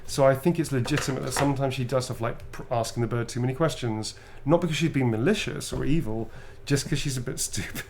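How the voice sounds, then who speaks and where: A man's voice: medium pitch, fast talker, vocal fry, hardly any pauses, background noise. A man chatting casually and swearing freely as he teases his co-player. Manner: animated, swears freely, teasing. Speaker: co-host and game player. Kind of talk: casual chat while signing notes.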